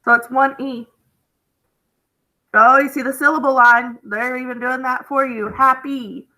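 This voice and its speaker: A woman teacher walks through a phonics lesson at an unhurried pace. Her voice sits high and sounds bright and clear, and she keeps checking in with students in a chatty, encouraging manner. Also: fairly even intonation, rough recording.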